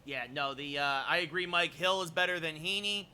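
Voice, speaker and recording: Bright, high-voiced man calling baseball. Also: moderate pace, a little hiss or hum. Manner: chatty, replies to chat between plays; erupts into shouted home-run calls. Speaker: streamer doing play-by-play. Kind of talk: live-stream game commentary.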